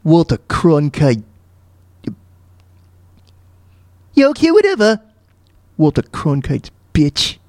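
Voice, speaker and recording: A man's voice: a little high, huge pitch swings, unhurried, a little mellow, no room sound, studio quality, heavily acted. A man doing Stewie, a posh sneering baby. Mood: mocking. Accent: posh British put-on. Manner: sarcastic heckling, haughty. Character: snooty talking baby boy, posh and mocking.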